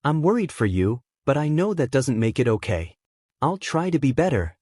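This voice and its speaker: A man's voice: mid-range voice, big pitch swings, normal speed, a little mellow, no room sound, clean studio sound. A man voicing a weary, guarded adult male teacher in a fanfiction reading, apologizing stiffly and earnestly. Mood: apologetic.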